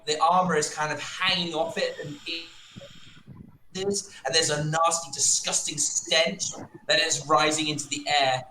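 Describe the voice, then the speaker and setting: A man narrating as game master in a tabletop game, pausing often with fillers. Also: on the high side, sharp tone, reverberant, a little hiss or hum, rough recording. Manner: halting, filler-heavy narration.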